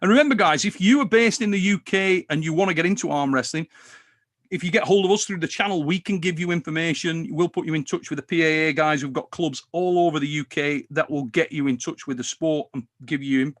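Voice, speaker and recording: A man hosting a casual chat, animated and quick to swear and tease. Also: a little high. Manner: animated, swears, teasing banter. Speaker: podcast host.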